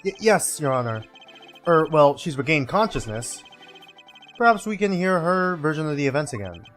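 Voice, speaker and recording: A man's voice: on the high side, very animated, normal speed, fairly bright tone, soft background music. A man voicing a nervous young male defense attorney in a video game, stammering and hesitant.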